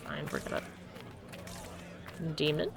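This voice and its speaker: Her low-pitched voice swings hugely in pitch, moves slowly, and carries vocal fry, with background noise present. A Connecticut, USA streamer in her thirties, she offers casual let's-play commentary, laughing a lot and joking with silly wordplay.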